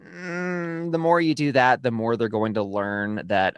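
A man co-hosting a casual parenting chat, explaining things in a steady, reassuring way. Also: mid-range voice, measured pace, few pauses, smooth, no room sound. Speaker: podcast co-host and parent.

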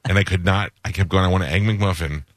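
Low-voiced rambling male radio host. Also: monotone, very fast, a bit bright, dry recording, studio quality. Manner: rambling storyteller, acts out quoted voices. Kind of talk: casual radio chat.

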